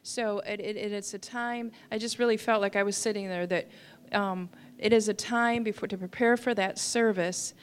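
A woman steps up to make an announcement during a church service. She talks hesitantly, pausing on fillers as she finds her words. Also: mid-range voice, fairly even intonation, a little hiss or hum. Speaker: church member making an announcement.

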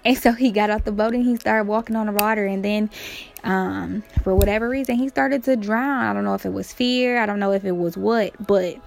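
A woman's voice: medium pitch, steady tone, a little fast, creaky. A woman casually retelling Bible stories in slang, acting out the quotes with playful energy.

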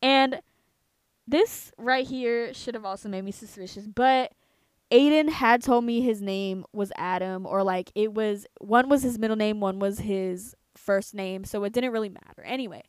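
A young woman in her twenties from the United States, telling a story on a podcast in a casual, profane, animated way. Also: mid-range voice, normal speed, clear, resonant tone, no room sound. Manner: profane, animated, quotes herself and others. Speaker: podcast co-host.

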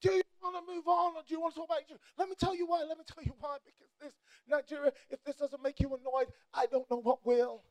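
A man preaching a sermon with passion, breaking into shouts and mimicking people to make his points. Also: very high-pitched, little pitch movement, fast, hardly any pauses.

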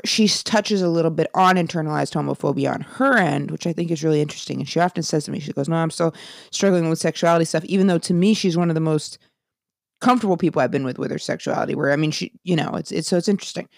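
A woman's voice: deep voice, fast, creaky, dry recording. A woman podcast host and comedian talking in a casual solo monologue, rambling and jokey, often cutting herself off mid-thought. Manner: rambling, self-interrupting, jokey.

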